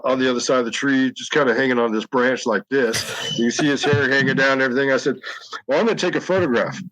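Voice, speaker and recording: A man's voice: medium pitch, a bit bright, no echo, low-quality recording. A middle-aged man telling long, rambling stories in casual chat, often breaking into laughs. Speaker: guest telling encounter stories. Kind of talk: casual storytelling.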